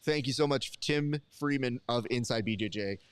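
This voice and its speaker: A man's voice: medium pitch, normal speed, clean tone, no room sound. A male host rambles and jokes his way through a live stream, talking straight to the chat between bites at a busy desk. His voice sits in a middle register, and the sound is dry and close, with almost no room. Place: desk at a live event broadcast.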